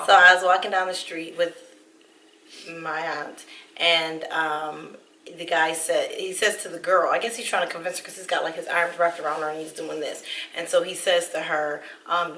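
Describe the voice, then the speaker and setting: A woman's voice: low-pitched, fairly even intonation, normal speed, bright, forceful tone, roomy sound, recorded from a distance, low-quality recording. A woman co-hosting a couple's vlog, telling a story casually and quoting herself. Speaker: vlog co-host.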